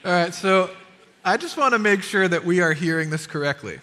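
A man with a bright, sharp and fairly high voice hosts a faith interview, asking his questions in a deliberate, emphatic way. His voice carries a long reverb, as if recorded in a large hall. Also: expressive. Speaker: talk show host.

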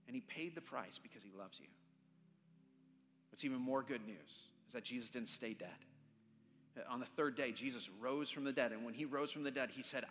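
A man's voice: mid-range voice, a little fast, slight background noise. A man preaching as a pastor, earnest and pleading, leading a prayer in a church. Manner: earnest, pleading, repeating phrases. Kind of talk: sermon and altar-call prayer. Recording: long reverb, soft music behind.

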